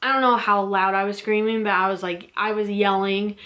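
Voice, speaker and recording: A woman's voice: medium pitch, fairly even intonation, brisk, a bit bright. A young woman vlogger telling a personal story in a casual, rambling way with many fillers and restarts, close to tears. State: teary, close to crying.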